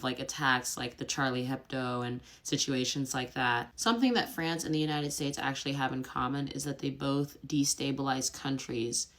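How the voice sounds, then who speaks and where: Young woman, low-pitched, direct conversational vlogger with a wry tone. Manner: chatty and direct, with quick asides and mocking impressions. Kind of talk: casual talking-to-camera vlog.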